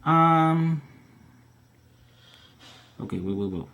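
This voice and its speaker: A man's voice: on the high side, expressive, very slow, lo-fi sound. A man hosting a casual live Q&A stream, chatting loosely with plenty of fillers and restarts as he reads out viewer questions.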